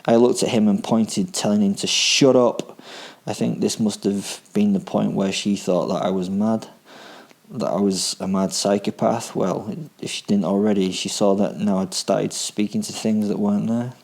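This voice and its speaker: A man's voice: fairly low pitch, flat delivery, moderate pace, creaky, darkish tone. A man narrating a first-person horror story in a dry, darkly comic, matter-of-fact way. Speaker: podcast host and narrator.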